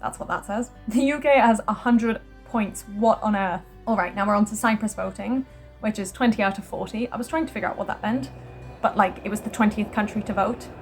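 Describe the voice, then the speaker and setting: A young woman from the UK chatting casually as a vlogger while reading out her own notes, excitable, laughing often, and breaking into surprised exclamations. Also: mid-range voice, fairly quick, soft background music.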